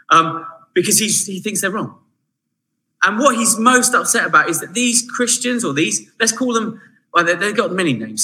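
Bright-voiced man preaching. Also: on the high side, rough recording. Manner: chatty, animated, with frequent asides to listeners. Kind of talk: sermon.

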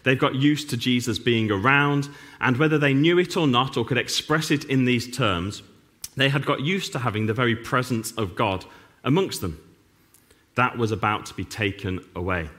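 A middle-aged man preaching a sermon as pastor, animated and full of dry, self-mocking humor. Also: medium pitch, moderate pace. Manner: wry, self-mocking humor with sarcastic asides.

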